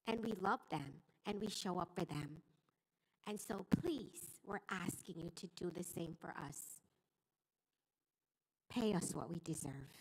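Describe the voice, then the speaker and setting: A woman's voice: mid-range voice, low-quality recording. Impassioned older woman teacher. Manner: earnest, pleading, rising with emotion. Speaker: veteran teacher at public comment. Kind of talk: impassioned public comment speech. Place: school board meeting room.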